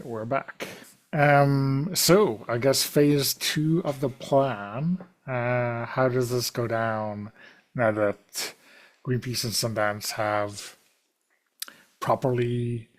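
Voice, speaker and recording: A man running a tabletop crime game as game master, hesitant, with many pauses and restarts. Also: mid-range voice, steady tone.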